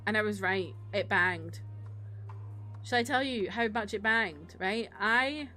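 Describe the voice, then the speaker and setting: A woman's voice: mid-range voice, takes it slowly, sharp tone, faint music behind. A young woman streamer chatting casually and sarcastically while she plays, ranting with frequent laughs. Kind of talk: casual live-stream chat while gaming.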